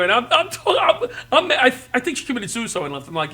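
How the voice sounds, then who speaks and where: A middle-aged man from the New York area telling comic family stories, animated and often laughing and yelling. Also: extremely high pitch, fast talker, few pauses. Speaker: guest comedian. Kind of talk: comic storytelling.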